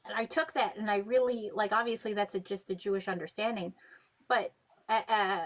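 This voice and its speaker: A woman hosting a casual call-in show, ranting in a profane, animated way. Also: medium pitch, fairly quick. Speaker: host.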